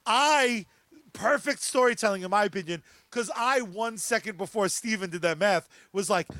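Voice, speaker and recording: A man co-hosting a casual comic book podcast, excitable and profane, acting out characters as he talks. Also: very high-pitched, a little slow, dry recording. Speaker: podcast co-host.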